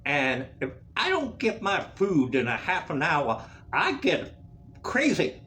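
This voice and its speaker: A man's voice: fairly high pitch, huge pitch swings, slow pace, bright, forceful tone, slight background noise. A man telling a profane story in a casual rant, laughing often as he goes. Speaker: vlogger.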